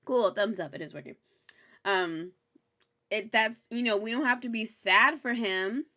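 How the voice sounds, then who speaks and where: A young woman hosting a recap show, chatting casually and candidly, animated and swearing freely. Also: on the high side, measured pace. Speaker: host recapping a TV episode. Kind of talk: casual chat.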